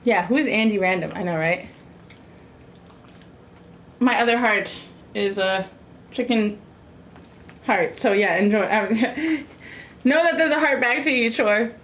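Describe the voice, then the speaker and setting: Slow, with long pauses, a young woman from the United States chats casually with viewers during a cooking stream, sassy, rambling and full of fillers. Her medium-pitched voice has a fairly bright tone, with a little hiss or hum on the recording.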